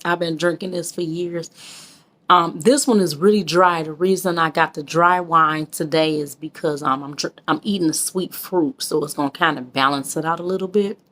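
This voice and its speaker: Her voice deep and a bit bright, this Michigan vlogger speaks at normal speed. Emotional and preachy, she offers casual, heartfelt talk to viewers she calls kings and queens.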